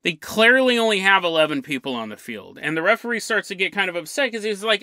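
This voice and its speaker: A man's voice: high-pitched, lively intonation, quick pace, few pauses, pushed and bright, no echo. A man hosting a paranormal podcast, telling a story with lots of energy and chuckling mid-sentence. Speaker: podcast host.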